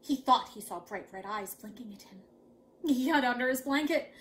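A woman reading a picture book aloud to young children, dramatic and lively. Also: a little high, measured pace, a little hiss or hum. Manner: animated, dramatic. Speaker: children's storyteller.

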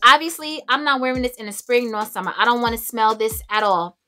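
Young woman vlogging about perfume, bright n expressive, laughs a lot, bit of music under it. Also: on the high side, brisk. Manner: chatty, expressive, laughs often, dramatic asides. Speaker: beauty and fragrance vlogger. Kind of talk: casual chat to camera.

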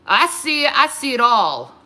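Furious woman streamer, high animated voice, bright and sharp, swearing and repeating herself. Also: normal speed. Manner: profane, confrontational, repetitive. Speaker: livestreamer. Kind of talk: angry livestream rant.

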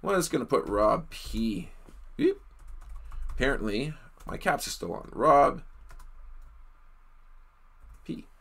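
Slow-talking chatty Canadian man. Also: mid-range voice, big pitch swings, gravelly, fairly bright tone. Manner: chatty, laughs often, thinks aloud with fillers. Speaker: card break host. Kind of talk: live card-break commentary.

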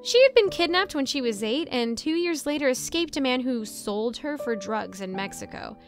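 A woman with a somewhat high voice narrates a spooky diner tale in a casual, chatty manner. She wanders into side remarks easily. Music plays steadily behind her. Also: expressive, moderate pace. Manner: chatty and rambling, with asides and laughs. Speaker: storyteller. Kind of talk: casual first-person story narration. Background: soft background music.

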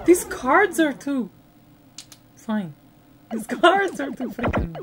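A woman with a high, very lively voice reacts to a retro game, laughing and yelling at what happens on screen. She talks slowly, and loud game music plays behind her. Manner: exclaims, laughs and scolds the game. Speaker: gaming channel host. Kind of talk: excited let's-play commentary. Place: home, playing retro computer game.

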